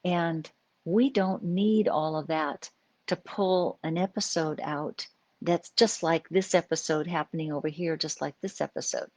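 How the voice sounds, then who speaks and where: Low-voiced woman explaining calmly. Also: measured pace, no room sound. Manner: chatty, explanatory, many fillers and restarts. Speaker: psychologist answering viewer questions. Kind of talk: live-stream talk answering viewer questions.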